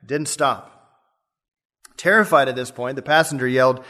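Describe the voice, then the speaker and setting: A man's voice: medium pitch, normal speed, long pauses, bright, forceful tone. A male pastor preaching a sermon, telling a story and explaining it step by step.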